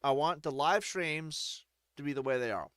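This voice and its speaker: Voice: medium pitch, moderate pace, fairly bright tone, dry recording. A streamer giving crude, joking gameplay commentary, often laughing between remarks.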